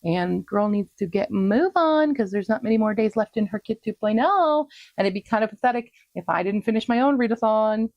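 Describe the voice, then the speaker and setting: A woman casually talking through her reading progress in a home vlog, chatty and quick to laugh. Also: medium pitch, expressive, no room sound, lo-fi sound. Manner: chatty, laughs often, talks to her pets. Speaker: book vlogger.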